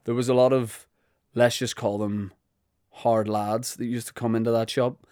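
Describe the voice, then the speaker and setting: A man's voice: mid-range voice, level tone, normal speed, a little mellow, smooth, dry recording. Chatty Northern Irish man, dry sound. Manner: chatty, self-deprecating, rambling storyteller. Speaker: podcast host. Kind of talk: comic monologue.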